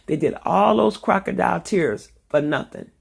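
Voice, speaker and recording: Gravelly, husky woman venting bluntly. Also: lowish voice, moderate pace. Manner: blunt, profane, heated storytelling. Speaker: vlogger. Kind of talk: casual monologue vlog.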